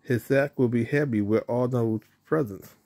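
A male cartoon duck with a hot temper, read aloud by a man in a storybook. The voice stays mellow and plain, with no duck quack put on, just an easy reading tone. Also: medium pitch, moderate pace, natural voice. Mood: eager.

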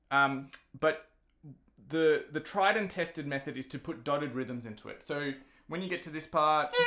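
A man teaching a violin lesson, patiently explaining each step between passages he plays. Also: fairly high pitch. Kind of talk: instrumental lesson. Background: violin playing.

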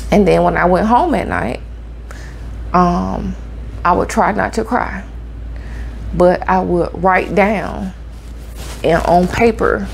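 A woman's voice: on the low side, gravelly, a little mellow, slight background noise. A woman vlogger sharing her own experience in a heartfelt, conversational way, often repeating herself for emphasis. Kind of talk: personal talk to camera.

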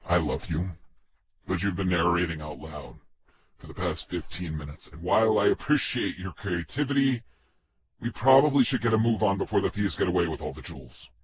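A man's voice: lively intonation, a little fast, slightly rough, low-quality recording. Man doing a dry, patient young hero. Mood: wry patience. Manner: dry, patient, low-key. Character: calm affectionate young man superhero.

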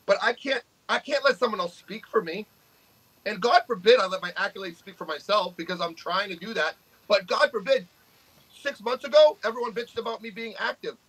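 Brash profane man, high bright voice. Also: fairly quick, low-quality recording. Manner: profane, brash trash talk. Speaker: podcast co-host, arm wrestler. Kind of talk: casual podcast chat.

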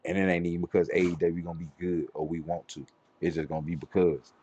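A man's voice: low voice, flat delivery, fast talker, a little mellow, husky, muffled recording. A young adult man streaming a game live, chatting casually in a blunt, profane, joking way. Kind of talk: casual chat while gaming live.

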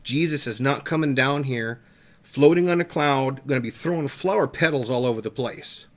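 A man's voice: mid-range voice, normal speed. A man preaching fervently on a talk show, emphatic and emotional, his voice climbing when he gets worked up.

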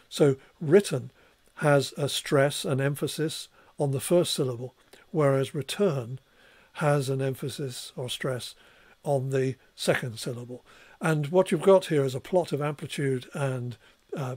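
Male lecturer, slightly higher voice, explanatory delivery, dry close sound. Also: no echo. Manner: explanatory, steady, clears throat now and then. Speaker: professor giving a tutorial. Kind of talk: recorded lecture.

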